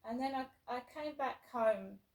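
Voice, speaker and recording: Woman vlogger, chatty and rambling, gravelly edge to the voice. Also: sits high, moderate pace, darkish tone, low-quality recording. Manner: rambling, many restarts and fillers. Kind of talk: casual talking to camera.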